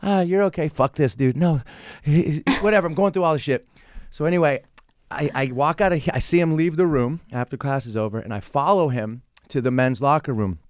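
A man's voice: on the high side, brisk, clear, resonant tone, no echo, studio quality. A man on a podcast telling a rambling, profane story, acting out what people said. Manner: profane, rambling, acts out quotes. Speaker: podcast guest. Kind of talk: casual storytelling chat.

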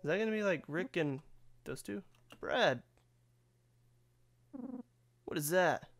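A man's voice: high voice, expressive, takes it slowly, fairly bright tone, soft background music. Let's play host, man, rambling and profane, easy laughter. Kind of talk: casual gameplay commentary.

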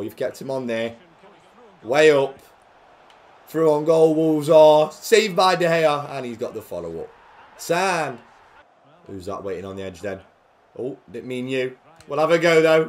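A young man giving jokey live commentary on a football video game, dropping to quiet play-by-play and then bursting out loudly. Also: medium pitch. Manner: jokey, swings between quiet play-by-play and loud excited outbursts. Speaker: gaming commentator.

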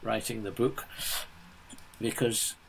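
Slow, halting man in his seventies. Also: on the low side, flat delivery, vocal fry, slight background noise, rough recording. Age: 70s. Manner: halting, blunt, frequent restarts. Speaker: guest composer. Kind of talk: casual interview chat.

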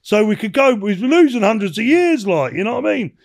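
A former bare-knuckle boxer in his sixties, appearing as a podcast guest, tells rambling stories in a casual interview, swearing and saying "you know what I mean" throughout. His voice sits high and he talks briskly and very animatedly.

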